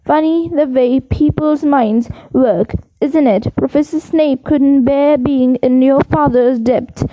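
A woman reading the part of an elderly male wizard headmaster in an audiobook, gentle and musing in manner. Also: sits high, takes it slowly, no room sound, lo-fi sound.

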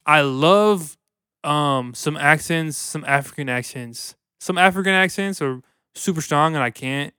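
Bright, crisp-voiced joking man. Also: on the high side, unhurried, dry recording, clean studio sound. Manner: crude, joking, laid-back with lots of fillers. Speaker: podcast co-host. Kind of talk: casual podcast banter.

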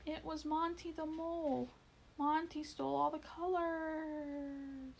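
A woman's voice: lively intonation, unhurried, slight background noise. Mooseberry, a woman doing a brave little mouse. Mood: shouting. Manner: high, urgent crying out. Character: brave small male mouse, pleading. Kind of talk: storybook reading.

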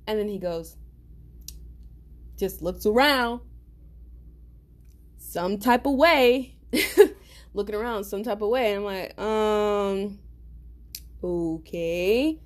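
A woman vlogger telling a story in casual storytime style, animated, blunt and slangy, laughing as she goes. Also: medium pitch, takes it slowly, pauses often.

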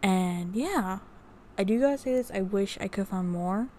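A woman's voice: medium pitch, dark tone, a little hiss or hum. A woman vlogger talking casually about what she has researched, rambling with many fillers and restarts. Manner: unhurried, reading notes off research. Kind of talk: casual talk to camera.

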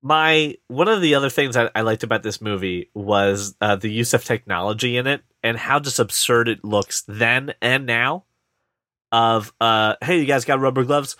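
A man co-hosting a casual movie podcast, rambling and animated, putting on voices to mock scenes. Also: mid-range voice, moderate pace, no echo, studio quality. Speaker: podcast co-host. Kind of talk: casual movie review chat.

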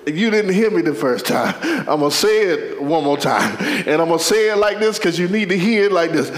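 A man preaching a sermon with a playful, animated delivery, full of laughing asides and calls to the congregation. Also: fairly high pitch, a little fast. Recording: echoey hall.

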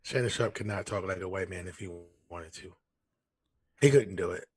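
A man co-hosting a casual sports podcast, laid-back and quick to agree. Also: low-pitched, husky, no room sound. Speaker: podcast co-host.

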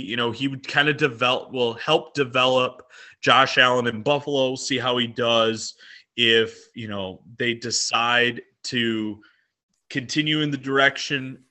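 A man co-hosting a sports podcast, his voice very bright and ringing. He talks keenly and rambles, with plenty of ums and restarts. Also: mid-range voice. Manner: enthusiastic, rambling with fillers. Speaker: podcast co-host. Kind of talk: casual sports podcast chat.

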